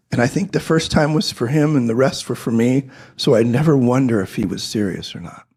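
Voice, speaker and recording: A middle-aged man telling a personal testimony in an earnest storytelling way, dropping to hushed tones at emotional moments. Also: medium pitch, fairly quick, hardly any pauses, husky. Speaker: speaker giving a personal testimony.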